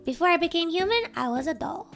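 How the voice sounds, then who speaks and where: Woman streamer, high bright voice, animated storyteller, soft music underneath. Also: fast talker, gravelly. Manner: animated, laughs often, bursts into shouting impressions. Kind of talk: casual storytelling chat. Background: soft background music.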